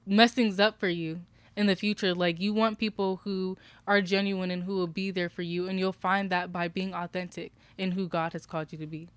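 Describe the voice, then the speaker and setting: A woman's voice: lowish voice, level tone, moderate pace, clear, resonant tone, no room sound. A young adult woman answering as a podcast guest, a little nervous and searching for words, with many fillers. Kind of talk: candid interview answers.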